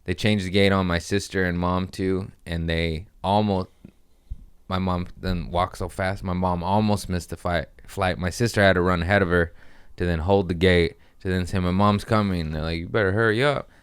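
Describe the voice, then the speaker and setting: A man's voice: low-pitched, flat delivery, normal speed, clear, resonant tone, no room sound, clean studio sound. A young man hosting a comedy podcast, telling loose stories in casual chat, swearing and doing playful voices.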